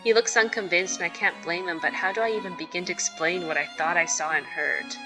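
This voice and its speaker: A woman's voice: fairly low pitch, steady tone, brisk, over music, lightly acted. A woman reading a shy, nervous teenage girl's inner narration and dialogue from a story game, in an anxious, earnest way. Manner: anxious, self-deprecating, earnest. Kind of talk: reading visual novel narration.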